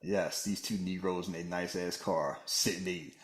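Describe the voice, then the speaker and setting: A man co-hosting a casual movie-review podcast, joking and animated, often slipping into mock voices. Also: moderate pace, echoey room. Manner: animated, jokey, slips into high-pitched mock voices. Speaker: podcast co-host.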